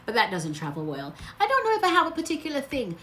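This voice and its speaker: A woman's voice: high-pitched, wildly swooping pitch, quick pace, bright, forceful tone, slight background noise. A woman chatting on a casual livestream, gushing and rambling, laughing often and sounding close to tears. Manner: rambling, loses her train of thought. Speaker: travel vlogger.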